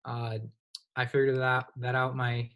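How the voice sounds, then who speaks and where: This young man in his twenties, a college hockey goalie, speaks a little slowly in a smooth, medium-pitched voice. As a podcast guest he talks casually and wanders, leaning heavily on "you know."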